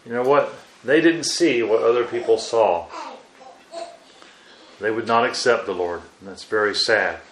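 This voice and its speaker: A man's voice: medium pitch, measured pace, pauses often, roomy sound, slight background noise, poor audio. A man preaching a Bible sermon, asking his listeners rhetorical questions and exclaiming "wow" between points.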